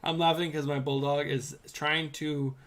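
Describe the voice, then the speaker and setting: A man's voice: on the high side, level tone, moderate pace, fairly bright tone. A man in his thirties co-hosting a casual podcast. He rambles loosely and often restarts his sentences. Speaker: podcast co-host. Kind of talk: casual chat.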